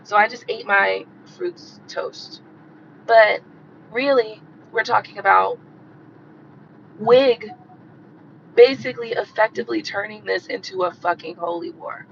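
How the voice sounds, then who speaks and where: A woman hosting a live stream who rants bluntly and profanely and repeats herself for emphasis, her voice hoarse and coughing from a cold. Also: medium pitch, measured pace, long pauses, muffled recording, slight background noise. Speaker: tarot reader hosting a livestream.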